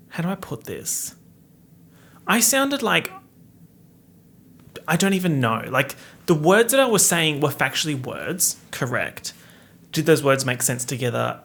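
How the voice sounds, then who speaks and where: Campy, sarcastic young man with a gravelly edge. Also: a bit bright. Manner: campy, sarcastic, playful with big pitch swings. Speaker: podcast host. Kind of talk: casual solo podcast chat. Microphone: studio microphone.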